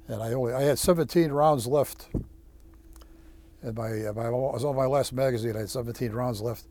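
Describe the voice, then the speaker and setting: A man, a former Marine, telling his war story in an interview, halting with many restarts and blunt swearing. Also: mid-range voice, mellow. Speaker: veteran interviewee. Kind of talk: oral history storytelling.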